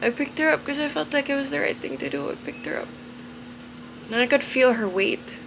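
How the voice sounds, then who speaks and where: A tearful young woman in a confessional vlog, speaking haltingly with emotion and trailing off into soft murmurs. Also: sits high, gravelly, background noise. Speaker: vlogger.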